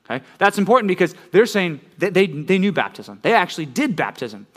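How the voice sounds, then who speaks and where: A man's voice: high-pitched, big pitch swings, fairly quick, a bit bright. A middle-aged pastor, a man, explaining scripture in a sermon, conversational and explanatory, often checking in with listeners.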